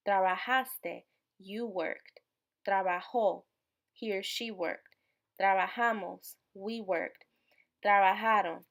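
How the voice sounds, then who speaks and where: A woman teaching a recorded online Spanish lesson, going through verb endings step by step and often checking in with "okay?". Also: mid-range voice.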